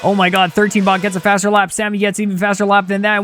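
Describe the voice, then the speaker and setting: A young man commentating a sim racing league race live, excitable and quick to shout at close battles. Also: high voice, soft background music.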